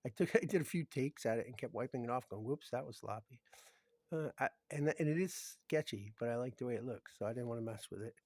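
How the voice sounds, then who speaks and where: A man's voice: fast talker, darkish tone, dry recording. Rambling man showing off his gear. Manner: rambling, meandering, often trailing into low murmurs. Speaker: hobbyist showing his guitar pedals. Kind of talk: casual show-and-tell vlog.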